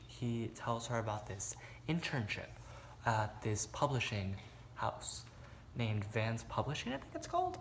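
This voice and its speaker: Vlogging from a room at home, a man with a mid-range voice recaps a movie in a rambling, casual way. He fills his talk with "like" and acts out quotes, and there's a little hiss or hum in the audio.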